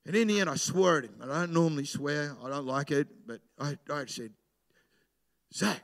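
A middle-aged man, a pastor preaching a sermon in a conversational way, swinging between loud emphasis and hushed storytelling. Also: a little high, normal speed, gravelly.

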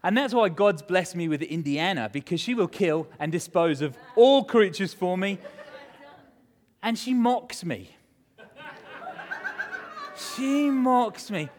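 Man, pastor, sermon, self-mocking humor, lively, higher voice. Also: unhurried. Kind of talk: sermon with scripture reading and storytelling.

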